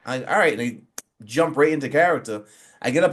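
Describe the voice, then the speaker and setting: 40 yr old guy, wrestler doing an interview, lots of ums, acts out the stories, middle pitch. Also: a little fast. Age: 40s. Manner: animated storyteller who acts out quotes, many fillers. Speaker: pro wrestler and referee guest. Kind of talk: casual interview storytelling.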